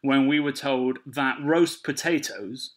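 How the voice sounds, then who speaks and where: A man's voice: medium pitch, slow pace. A man co-hosting a podcast in casual chat, teasing his co-host and laughing often.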